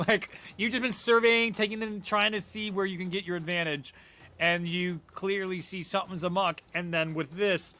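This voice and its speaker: Bright-voiced young man running a game. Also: high-pitched, normal speed. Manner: lively, swearing, animated narration. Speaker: game master. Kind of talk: narrating a tabletop game, casual banter.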